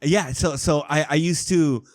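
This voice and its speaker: Lively, swearing man on a podcast. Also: a little high, unhurried, no room sound. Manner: animated, swears freely, acts out quotes. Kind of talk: casual podcast chat.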